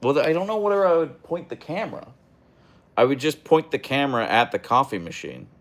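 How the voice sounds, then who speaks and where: A man's voice: medium pitch, expressive, fairly quick. A young man hosting a casual livestream, reading chat aloud and answering in a rambling, hesitant way with many fillers and restarts.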